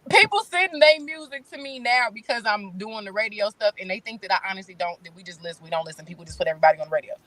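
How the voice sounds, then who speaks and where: A woman's voice: medium pitch, animated, rapid-fire, few pauses, bright, forceful tone. A woman in her thirties, a talk show guest, speaking candidly in casual chat with blunt, slangy phrasing. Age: 30s.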